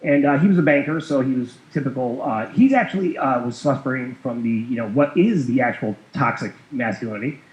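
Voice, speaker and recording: A man at a medium pitch tells a long story in loose, rambling chat, full of fillers and soft chuckles. His voice sits in a roomy space with echo, and the sound is dull and lo-fi. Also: brisk, hardly any pauses. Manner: rambling, many fillers, chuckles while telling. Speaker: guest.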